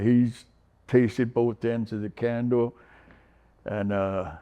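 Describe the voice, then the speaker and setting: This is a man in his sixties from San Diego telling his own story to the camera. He talks in a rambling, halting way and keeps restarting his sentences, with a middle-pitched voice. The audio is a little dull and lo-fi. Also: steady tone, smooth. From San Diego, California. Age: 60s. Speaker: recovery program resident. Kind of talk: personal testimonial interview.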